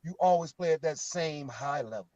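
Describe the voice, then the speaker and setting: A middle-aged man, a former pro football player, chatting as a guest and telling stories, getting animated when he quotes teammates. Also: on the high side, moderate pace, no echo, lo-fi sound. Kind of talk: casual phone interview.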